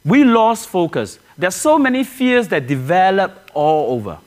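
A man's voice: high voice, very animated, moderate pace, darkish tone. A man preaching a sermon to his church, earnest, often restarting phrases and asking the congregation questions. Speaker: pastor.

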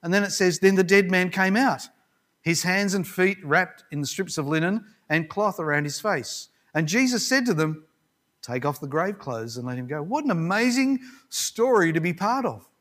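A man's voice: sits high, normal speed, fairly bright tone. A man giving a sermon, retelling a Bible story in a conversational, reflective way with occasional restarts. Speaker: preacher.

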